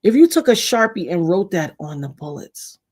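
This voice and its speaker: A woman hosting a casual livestream, telling blunt, emphatic stories in slangy talk, her voice swinging widely in pitch and loudness as she laughs her way through. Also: very animated, normal speed. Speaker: livestream host reading viewer comments.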